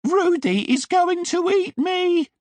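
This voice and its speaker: A man voicing a frightened male sloth in a shrill, squealing voice for an audiobook story. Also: takes it slowly, no echo. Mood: panicked.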